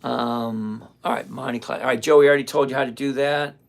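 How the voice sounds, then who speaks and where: A man in his sixties whose voice is going hoarse, hosting a live stream, explaining trades step by step and chatting with viewers in an upbeat way. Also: mid-range voice, steady tone, brisk. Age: 60s. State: hoarse, voice giving out. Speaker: livestream host.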